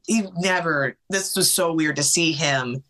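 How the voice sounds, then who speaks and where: A woman guest on a podcast telling a personal story in conversation, in an emotional, fast-flowing way with many fillers. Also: sits low, sharp tone.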